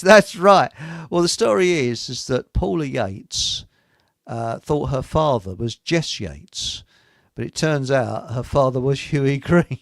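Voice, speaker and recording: A man's voice: medium pitch, no echo, studio quality. A man hosting a casual radio chat, rambling through anecdotes with chuckles. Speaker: host.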